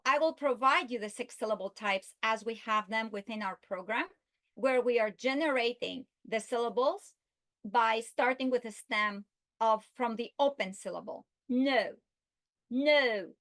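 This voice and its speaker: Woman teaching phonics slowly, kinda high voice, drawn-out example words. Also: fairly bright tone. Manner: slow, deliberate, stretches example words. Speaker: literacy instructor. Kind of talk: instructional video lesson.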